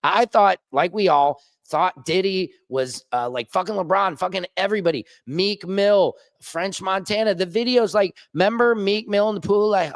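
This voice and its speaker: A man who hosts his own news vlog, ranting casually and fast from a rooftop with lots of restarts and asides. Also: sits high, no echo. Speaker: independent journalist and vlog host. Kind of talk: casual on-camera rant.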